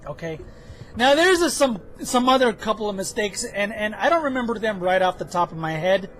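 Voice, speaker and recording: Man, very high voice, casual gameplay commentary, self-mocking and chatty, faint game noise behind. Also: expressive, fairly quick, a bit bright, poor audio. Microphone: headphones with mic.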